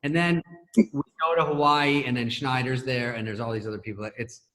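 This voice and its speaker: A middle-aged man telling stories as a talk show guest over a video call, laughing through them and doing quick impressions of other people. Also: medium pitch, fairly even intonation, fairly bright tone. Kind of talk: casual anecdote telling.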